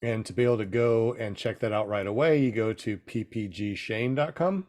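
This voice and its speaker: A man hosting a casual panel podcast, relaxed and quick to agree with his guests. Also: fairly low pitch. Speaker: podcast host.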